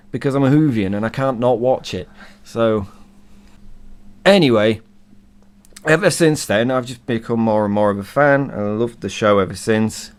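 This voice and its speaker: A man in his thirties, hoarse from being ill, chatting casually and rambling enthusiastically as a co-host. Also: mid-range voice. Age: 30s. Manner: rambling, enthusiastic fan talk. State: hoarse from illness. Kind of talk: casual chat.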